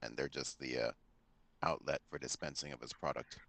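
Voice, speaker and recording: A man talking as a player in a tabletop game, relaxed and explaining his plans at length. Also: very deep voice, fairly quick, creaky, slight background noise.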